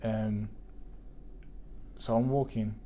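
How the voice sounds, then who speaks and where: A man's voice: lowish voice, steady tone, drawn-out words, dark tone. A man, chatting on a podcast and telling a story with many restarts. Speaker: podcast co-host. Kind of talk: casual chat.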